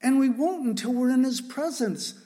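A man's voice: extremely high pitch, expressive, dark tone. A pastor preaching a sermon, a man who talks earnestly and with feeling, often stopping to restart his sentences. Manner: earnest and impassioned, with halting restarts. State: emotional.

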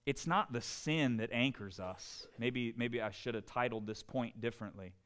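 A man preaching a sermon, earnest, dropping to soft, quiet tones for emphasis. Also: mid-range voice, a little slow, hardly any pauses. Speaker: pastor.

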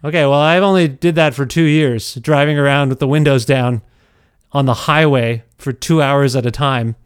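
A middle-aged man tells a self-deprecating story in a casual, animated way, often stumbling and restarting. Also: mid-range voice, normal speed, clear, resonant tone, no echo, clean studio sound. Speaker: podcast storyteller.

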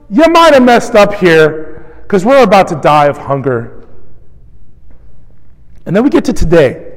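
Man, pastor, sermon, high-pitched, conversational, acts out quotes, echoing church hall. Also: a little mellow.

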